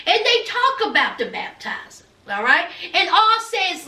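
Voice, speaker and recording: Sassy high-voiced woman recapping reality TV. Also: sing-song, unhurried, few pauses, pushed and bright. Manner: sassy, dramatic, calls viewers honey and y'all. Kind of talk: casual commentary to viewers. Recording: echoey room, mic at a distance.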